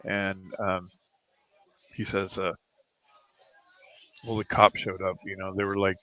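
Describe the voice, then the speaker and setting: A man's voice: on the low side, monotone, moderate pace, pauses often, sharp tone, soft background music. A man giving casual live commentary on a pool match in a pool hall, laid-back and chatty, drifting into rambling anecdotes with chuckles.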